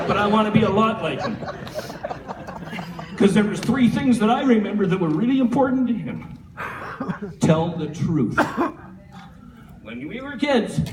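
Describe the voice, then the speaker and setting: A man giving a humorous eulogy for his father at a church memorial, a lively storyteller who chuckles often. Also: sits high. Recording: echoey hall from far off with faint room noise.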